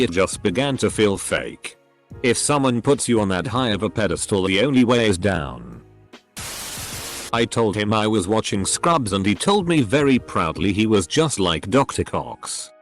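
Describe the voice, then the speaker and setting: A text-to-speech male voice reading online posts aloud in short, clipped sentences. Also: lowish voice. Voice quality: synthetic computer voice. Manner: reads short clipped sentences one after another.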